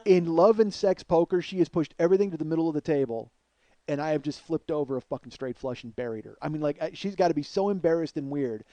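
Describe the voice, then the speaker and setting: A man with a slightly high voice tells a comic story in a rambling, self-mocking way, with plenty of swearing. The recording is close and dry, with no room sound around him. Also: fast, dark tone, dry recording. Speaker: comedian.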